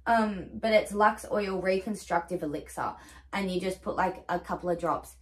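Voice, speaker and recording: A woman's voice: on the low side, moderate pace. A young woman chatting casually in a haul vlog, gushing and swearing freely as she shows off her gifts. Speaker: vlogger.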